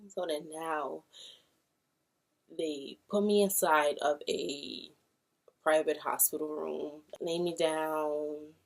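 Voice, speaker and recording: A woman's voice: low-pitched, steady tone, slow pace. A young woman from Brooklyn, casually telling a personal story to camera and acting out what people said. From Brooklyn, New York. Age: young adult. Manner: casual, acts out quoted voices. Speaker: vlogger.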